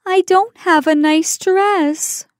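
A woman voicing a sweet, timid young Cinderella in a storybook reading, speaking softly and earnestly. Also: very high voice, slow, dry recording, studio quality, pitched above the performer's own voice.

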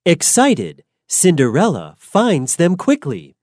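A woman narrating a simple storybook in a clear, deliberate way. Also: low voice, huge pitch swings, a little mellow, no room sound, clean studio sound. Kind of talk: slow storybook reading for learners.

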